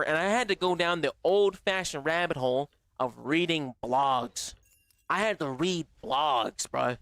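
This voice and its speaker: A man chatting casually on a gaming livestream, slangy and profane, his voice slightly strained from yelling. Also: a little high, no room sound. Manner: slangy and profane, calls chat bro and baby. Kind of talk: casual live-stream chat.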